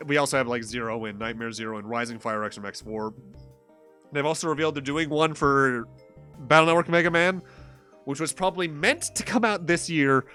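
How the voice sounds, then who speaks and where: A man's voice: mid-range voice, a bit bright. A man streaming a game, chatting casually and reading its dialogue aloud, with loose, swearing asides.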